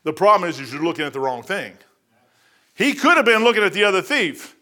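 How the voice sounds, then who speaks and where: Folksy preacher man, bright voice. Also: a little fast. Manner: folksy and animated, rising to emphatic high peaks. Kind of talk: sermon.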